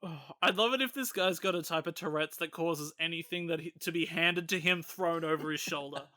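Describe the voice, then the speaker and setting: A young man with a high, bright, sharp voice riffs on a film with another host, laughing often and sounding incredulous. The sound is dry and close. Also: a little fast, dry recording. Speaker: podcast co-host. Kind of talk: casual film-review chat.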